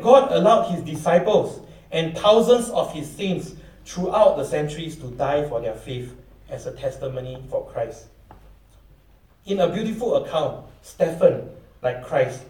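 A man's voice: medium pitch, dark tone. A middle-aged man preaching a sermon, reading scripture aloud and acting out the voices of questioners. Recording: echoey room from far off.

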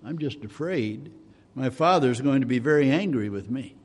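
A man's voice: mid-range voice, expressive, moderate pace, husky. Casting: nervous stuttering boy, a man putting him on in a sermon, long echo behind. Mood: anxious. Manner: stammering, fearful. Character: frightened young farm boy. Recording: long hall reverb.

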